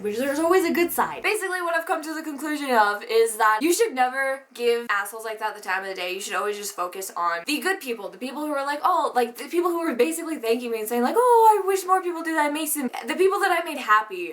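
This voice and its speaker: A woman's voice: a little high, a bit bright. A young woman vlogger telling a story in a casual, profane rant, laughing often.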